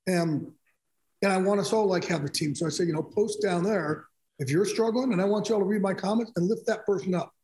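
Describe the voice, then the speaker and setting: A man's voice: high voice, a little fast, a little hiss or hum. A middle-aged man, a sports broadcaster guest, telling stories in a casual interview and acting out conversations in quotes. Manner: animated, re-enacts conversations in quotes. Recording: echoey room.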